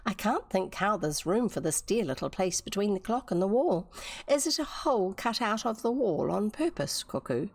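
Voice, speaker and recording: A woman voicing a curious, wilful young girl, speaking high and eagerly in a storybook reading. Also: sing-song, normal speed, dry recording, clean studio sound. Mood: wondering.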